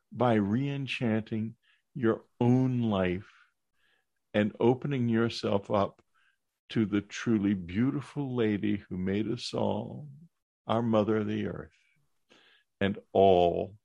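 An older man hosting an interview podcast, speaking in a measured, earnest way. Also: lowish voice, creaky, a little mellow, dry recording. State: hiccups. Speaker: podcast host.

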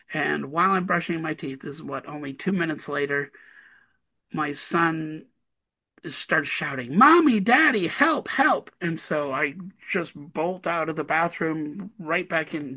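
A man, a parent of a toddler, telling a story in casual conversation, animated and laughing often between lines. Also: fairly high pitch, a little slow, low-quality recording. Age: adult parent of a toddler.

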